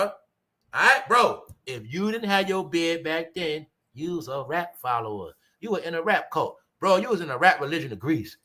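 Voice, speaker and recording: A man hosting his own commentary channel, ranting in a loud, mocking, repetitive way with slang. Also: high voice.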